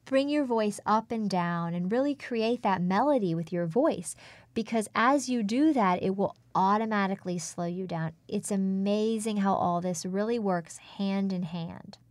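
A woman's voice: mid-range voice, measured pace, darkish tone, dry recording. Instructive woman speaking coach. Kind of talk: conversational podcast advice.

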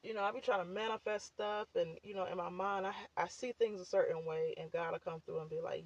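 She's a podcast host and author holding a loose, casual chat full of fillers, her low-leaning voice scratchy and slightly winded. Her tone stays steady as she talks a little fast with hardly any pauses. There's no echo, though the audio is dull.

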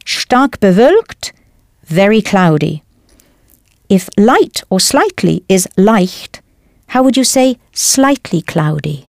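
A woman teaching a language lesson in a clear, careful scripted delivery, spelling out words as she goes. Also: medium pitch, sing-song, takes it slowly, no room sound, studio quality.

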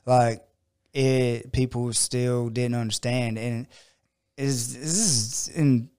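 A man's voice: mid-range voice, fairly even intonation, slow pace, darkish tone, smooth. A man who owns a jiu-jitsu gym, speaking in an earnest, chatty way. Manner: earnest, chatty, interjects with agreement. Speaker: gym owner. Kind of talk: casual conversation.

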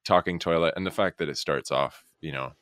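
A man from the United States, an actor guest, chatting casually and telling stories with lively quoted voices. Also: very deep voice, fairly quick, no echo, clean studio sound. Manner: animated storyteller, acts out quoted voices. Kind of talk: casual podcast chat.

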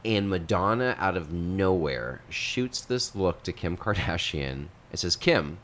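A man hosting a podcast, telling a celebrity story in a lively, animated way and acting out the quotes. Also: low voice, measured pace, a little hiss or hum. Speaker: podcast host. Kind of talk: casual chat, gossipy storytelling.

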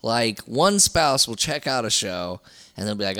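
A man co-hosting a podcast, chatting loosely and swearing freely, often breaking into laughs. His pitch swings widely and his tone is bright and cutting. He rambles and restarts as he talks. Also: animated, unhurried. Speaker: podcast co-host. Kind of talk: casual podcast chat.

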